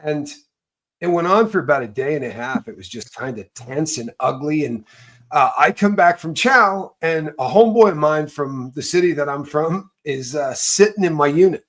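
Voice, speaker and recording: A man's voice: animated, normal speed. Man telling stories in casual chat. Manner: rambling, swings between loud bursts and low mutters. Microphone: video call.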